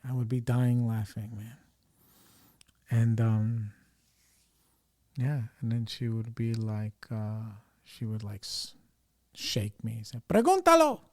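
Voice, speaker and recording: A man's voice: fairly low pitch, monotone, slow pace, long pauses, dark tone, dry recording, studio quality. A man hosting a podcast, telling family stories in a loose, rambling way full of fillers and restarts. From New York area. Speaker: podcast host. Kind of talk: casual storytelling.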